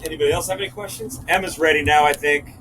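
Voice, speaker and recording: A man hosting a casual audience Q&A, chatty and quick to laugh. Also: fairly high pitch, fairly even intonation, fairly bright tone, slight background noise, low-quality recording. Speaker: podcast host and moderator.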